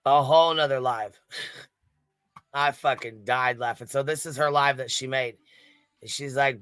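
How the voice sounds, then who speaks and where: Gossipy male stream host, bright crisp voice, dry close sound, laughs and swears a lot. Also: mid-range voice, fairly even intonation, normal speed, no room sound. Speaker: livestream panel host. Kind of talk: casual profane commentary.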